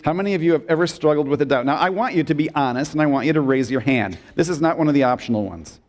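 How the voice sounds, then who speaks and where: A male pastor delivering a sermon in a church, asking the congregation questions and drawing them into call-and-response, sometimes dropping low and soft for emphasis. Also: fast talker. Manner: expressive preaching, dips low and soft for emphasis. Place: church sanctuary.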